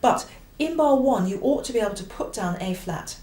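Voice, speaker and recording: A woman teaching the oboe, explaining a piece with clear emphasis and now and then singing a phrase. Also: fairly high pitch, expressive, moderate pace, dark tone, roomy sound. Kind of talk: instructional explanation.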